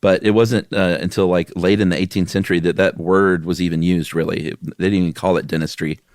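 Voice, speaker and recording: A man co-hosting a podcast in casual chat, relaxed, rambling and self-deprecating. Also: low-pitched, fast talker, dry recording, clean studio sound. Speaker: podcast co-host.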